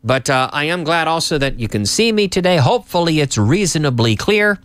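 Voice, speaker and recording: A man hosting a live lesson, upbeat and teacherly, repeating phrases slowly for learners. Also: on the high side, sing-song, fairly bright tone, no room sound. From Canada. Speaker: English teacher and host. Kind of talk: live-streamed English lesson.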